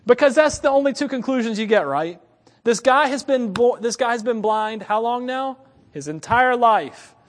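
Pastor, 30s, male: high voice, lively storyteller, laughs often, long hall echo. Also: normal speed, slight background noise. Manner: animated storytelling with frequent laughs. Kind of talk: sermon.

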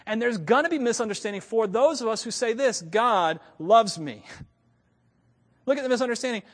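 A man preaching a sermon as pastor, swinging from loud, emphatic lines to hushed ones and laughing at himself now and then. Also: extremely high pitch, expressive, a little fast, big-room sound. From North America.

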